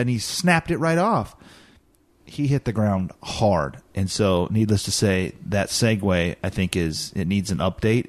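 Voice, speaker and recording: A man's voice: fairly low pitch, no echo. A man who is a parent, casually recounting a family story in detail. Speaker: parent vlogger. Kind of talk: casual chat.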